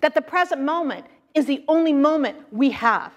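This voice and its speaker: Woman minister giving a spiritual talk, high voice, chatty and expressive, big hall reverb. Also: moderate pace, lo-fi sound. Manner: expressive, conversational, with playful asides. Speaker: guest minister.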